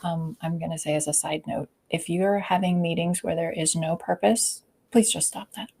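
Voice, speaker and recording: A woman leadership coach speaking as an interview guest. She talks expressively and often drops to a soft, near-whispered tone. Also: lowish voice, steady tone, moderate pace, creaky, slight background noise. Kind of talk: conversational interview. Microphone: video call.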